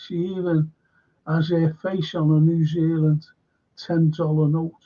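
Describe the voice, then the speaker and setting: A Liverpool man chats his way through a history livestream, drifting from topic to topic and swearing now and then. His voice is husky and sits high. The stream audio is dull and lo-fi. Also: flat delivery, measured pace, warm tone. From Liverpool, England. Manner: rambling, chatty, swears freely. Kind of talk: casual livestream chat reading viewer comments.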